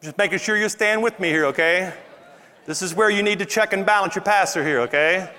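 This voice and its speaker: A man with a Louisiana accent preaching a sermon as pastor, animated and emphatic, stretching out key words. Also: high voice, fairly quick. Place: church auditorium with congregation. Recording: long hall reverb in a church.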